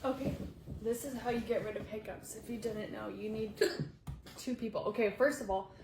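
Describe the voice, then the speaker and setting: A woman's voice: mid-range voice, steady tone, moderate pace. A young woman in her twenties hosting a podcast, chatting casually and giggling as she talks straight to her listeners. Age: 20s. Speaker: podcast host. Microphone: podcast mic. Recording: echoey room, faint background noise.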